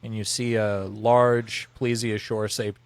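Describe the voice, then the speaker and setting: A man's voice: on the low side, little pitch movement, slow pace, smooth, no echo. A man co-hosting a podcast in casual chat, rambling through explanations with lots of filler words. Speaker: podcast co-host.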